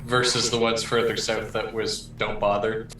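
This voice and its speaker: A man's voice: fairly low pitch, level tone, normal speed, bright, forceful tone, faint music behind. A man chats casually while playing a tabletop game. He sounds a step away from the mic, in a room with a noticeable echo. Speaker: player. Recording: roomy, distant mic.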